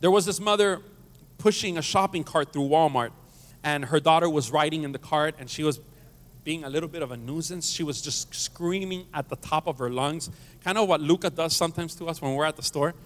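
A man's voice: on the high side, brisk. Male pastor, light-voiced, joking sermon with call-and-response, church hall reverb. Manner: joking, asks the congregation to respond. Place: church sanctuary.

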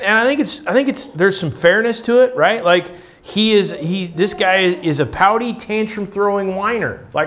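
Man teaching, higher voice, checking in. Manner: keeps checking in with listeners, asking "right?"; restarts and repeats words while thinking aloud. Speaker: Bible teacher. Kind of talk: conversational sermon teaching.

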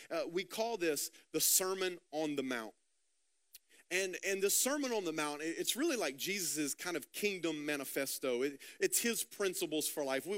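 A man's voice: on the high side, fairly bright tone. A man preaching a sermon, telling stories and acting out quoted dialogue, often repeating words as he goes. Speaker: pastor.

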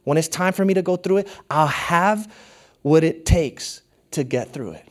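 Brief: middle-aged male pastor, slightly higher voice, earnest sermon delivery with hushed storytelling. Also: moderate pace.

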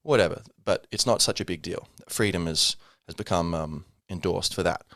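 A man's voice: low-pitched, normal speed, fairly bright tone, no echo, studio quality. A man hosting a casual solo podcast, rambling with many fillers and self-corrections. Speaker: podcast host.

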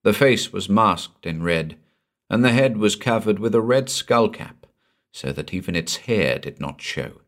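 A male narrator reads a pulp horror tale at a slow, deliberate pace, lingering on each dark detail. His voice is low and deep, and he keeps the suspense with a measured, even delivery. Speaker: audiobook narrator. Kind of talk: dramatic audiobook narration.

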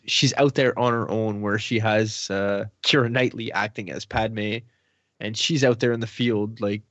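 Male co-host, relaxed casual chat, dull, dry remote sound. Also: medium pitch, no echo. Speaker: podcast co-host.

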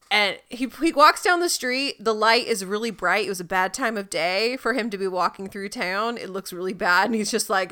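A woman co-hosting a podcast, recapping a TV episode in casual chat with quick asides. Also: medium pitch, sharp tone, clean tone. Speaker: podcast co-host.

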